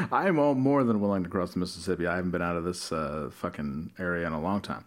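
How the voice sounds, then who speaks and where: A man's voice: low voice, fairly quick. A man co-hosting a podcast in casual chat, laid-back, swearing often and laughing a lot. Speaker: podcast co-host.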